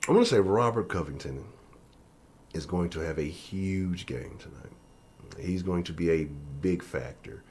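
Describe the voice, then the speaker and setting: Deep husky dude ranting about basketball on his live stream from his office, cussing a lot, voice jumping all over. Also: moderate pace. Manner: profane, loose and animated. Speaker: sports channel host. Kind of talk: casual live-stream chat. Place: home office.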